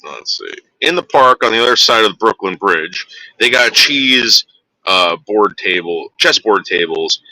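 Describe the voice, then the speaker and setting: A man's voice: fairly low pitch, expressive, a little slow, bright, forceful tone, poor audio. A man in his forties from northern New Jersey, casually telling rambling, profane stories to his viewers and acting out what people said. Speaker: vlogger.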